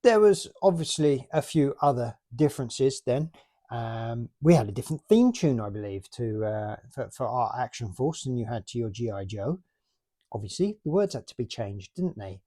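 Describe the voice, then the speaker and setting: This UK man in his late forties has a warm, mid-range voice with lively intonation and a moderate pace. He rambles chattily about his toy collection, poking fun at himself as he goes.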